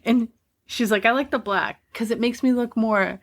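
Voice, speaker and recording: A woman's voice: on the high side, moderate pace. A woman co-hosting a podcast, reading quotes in casual chat and laughing between them. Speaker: podcast co-host.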